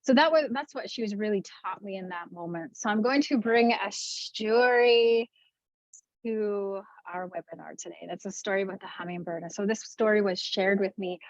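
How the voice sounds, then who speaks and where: A woman's voice: mid-range voice, no echo, lo-fi sound. Reflective woman giving a wellness talk. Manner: gentle, reflective, uneven pace with slow stresses. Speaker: wellness speaker. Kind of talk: webinar talk with storytelling. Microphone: video call.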